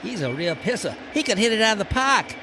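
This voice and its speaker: A man doing a loud, slangy sports buddy, his voice pushed noticeably higher than his natural register. He teases his friend over a noisy street with traffic passing, and the recording has clear outdoor noise throughout. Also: very animated, fast. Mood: teasing. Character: excitable male Boston sports-fan buddy.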